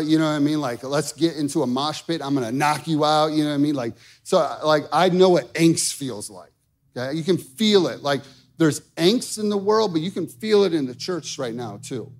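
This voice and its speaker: High-voiced man preaching a casual sermon. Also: moderate pace, a little mellow. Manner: conversational preaching with frequent "okay?" check-ins. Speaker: pastor.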